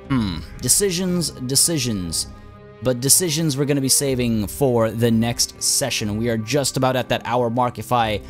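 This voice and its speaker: A man's voice: mid-range voice, steady tone, normal speed, few pauses, faint music behind. A man hosting a game let's play, losing his voice as he thinks aloud with plenty of uhs and ums. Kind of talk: gameplay commentary.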